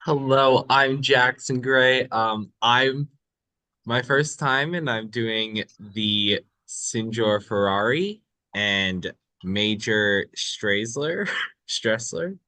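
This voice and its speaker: A man's voice: medium pitch, fairly even intonation, drawn-out words, pushed and bright, clean tone, no echo. A man from Alberta introducing himself on a video call, hesitant and a little shy. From Alberta, Canada. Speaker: table read participant. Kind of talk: casual self-introduction.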